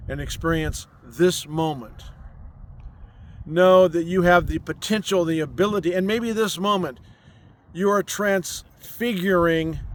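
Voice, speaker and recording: A man giving an inspirational spiritual message outdoors on a mountain, speaking in slow, soothing, repeated affirmations. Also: a little high, fairly bright tone. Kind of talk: inspirational sermon. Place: outdoors on a mountain overlooking a city.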